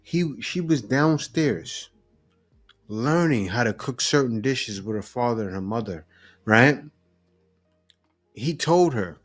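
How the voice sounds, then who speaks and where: A man in the host seat, reacting to clips with an emphatic, preachy delivery. His voice sits at an ordinary, middle pitch for a man. Faint music plays underneath. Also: lively intonation, slow, pauses often. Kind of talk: reaction commentary.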